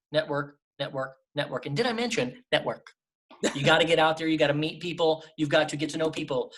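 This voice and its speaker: A middle-aged man, a voice actor, giving emphatic, lively advice in a casual interview over a travel microphone. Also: a little high. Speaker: voice actor guest. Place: temporary remote setup away from home.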